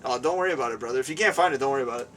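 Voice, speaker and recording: A man hosting a casual interview at a guest's home, excitable and rambling, laughing often, recorded from a distance. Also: medium pitch, racing, a little hiss or hum. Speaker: show host. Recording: distant mic, faint room ambience.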